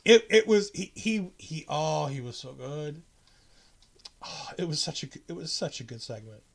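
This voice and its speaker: A man's voice: on the high side, normal speed, creaky, slightly rough. A man co-hosting a wrestling podcast, chatting casually and acting out quotes with lots of restarts. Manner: animated, acts out quotes, many restarts. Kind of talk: casual chat recapping a show.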